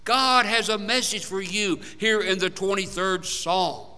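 A man preaching a sermon, swinging between loud emphatic lines and hushed, low passages. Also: measured pace, smooth. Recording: long hall reverb.

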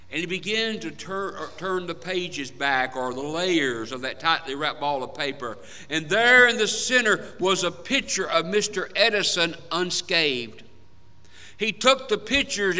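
A man preaching a sermon, swinging between loud emphatic lines and hushed, low passages. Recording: long hall reverb.

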